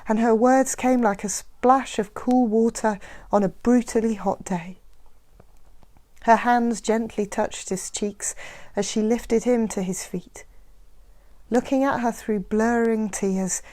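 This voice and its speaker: A woman reading a novel aloud in a steady, measured narration. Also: a little high. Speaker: reader.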